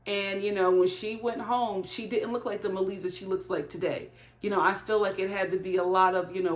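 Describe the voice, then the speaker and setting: A woman hosting a casual reality TV recap, talking in an animated, gossipy way with frequent laughs. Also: mid-range voice, reverberant.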